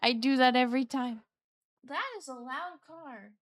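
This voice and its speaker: A woman's voice: high voice, moderate pace, dry recording, clean studio sound. A woman chatting casually on a live stream, reading and answering her chat in a playful, meowing way. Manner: playful, chatty, meows between chat replies.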